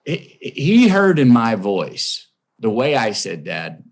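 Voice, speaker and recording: A man with a Texan drawl tells a story in a podcast interview, his pitch rising and falling with lively swings. He acts out the people he quotes as he goes, dropping low and soft for some lines. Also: moderate pace, creaky, husky. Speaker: guest.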